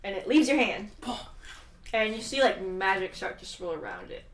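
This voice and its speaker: A woman's voice: medium pitch, expressive, normal speed. A woman narrating as game master, laughing often and putting on voices for the characters. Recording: echoey room, mic from far off.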